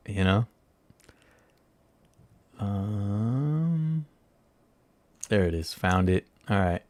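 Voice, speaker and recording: Low, unhurried male host, self-mocking livestream chatter, dry close sound. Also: dry recording. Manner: rambling, self-mocking, talks to viewers while searching. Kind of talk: casual livestream chat.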